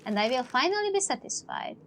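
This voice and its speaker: Vengeful old male ghost read by a woman, slow and grave, lively rising and falling pitch. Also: slight background noise.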